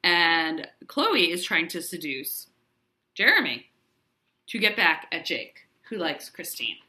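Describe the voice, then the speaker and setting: A woman's voice: on the low side, sing-song, slow, pushed and bright. A woman in casual chat, animatedly retelling a plot and acting out the characters' lines. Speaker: co-host recapping a musical.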